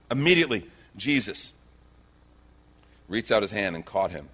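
A husky-voiced man preaching a sermon as pastor, acting out scripture scenes with lively swings in his voice. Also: moderate pace, pauses often. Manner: animated, acts out quotes with big pitch swings.

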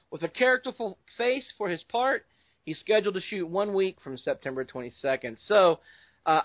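A man's voice: sits high, dry recording, highs cut off. A man hosting a casual podcast. He jokes and talks informally as he leads the discussion. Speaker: podcast host.

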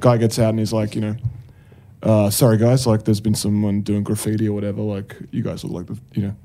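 A man with an Australian accent, co-hosting a podcast and telling a story in relaxed banter, full of fillers and swearing. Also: on the low side, fairly quick. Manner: laid-back, swearing, storytelling with lots of fillers. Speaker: podcast co-host. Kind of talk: casual banter.

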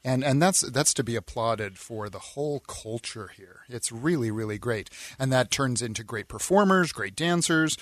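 A man's voice: medium pitch, lively intonation, moderate pace, few pauses, fairly bright tone, no echo. A man appearing as a guest on a radio show, talking about an arts organization in an upbeat way. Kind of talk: radio interview. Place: radio studio.

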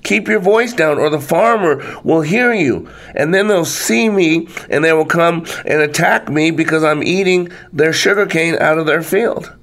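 A man's voice: fairly low pitch, animated, a little slow, a bit bright, voice pushed down. A man voicing a put-upon male camel in a spoken folktale, pleading and reproachful by turns. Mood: panicked.

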